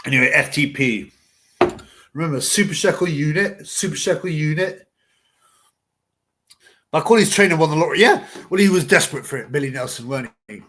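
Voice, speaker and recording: A man's voice: on the high side, animated, fairly quick, pauses often, sharp tone, slight background noise. A man hosting a casual live boxing chat, rambling and blunt with slang. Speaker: livestream host.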